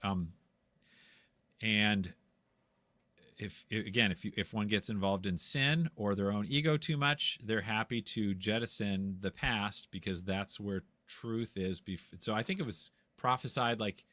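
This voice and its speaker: A man's voice: fairly low pitch, a little slow, bright, forceful tone, no room sound. A man in a casual debate, speaking bluntly and insistently in a preachy, lecturing way. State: tired after a long talk. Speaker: guest.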